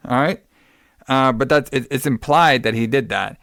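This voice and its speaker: A man's voice: mid-range voice, normal speed, creaky, fairly bright tone, no echo, clean studio sound. A man hosting a podcast, recapping a film in a casual, rambling way, full of swearing and wrestling-fan slang. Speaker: podcast host.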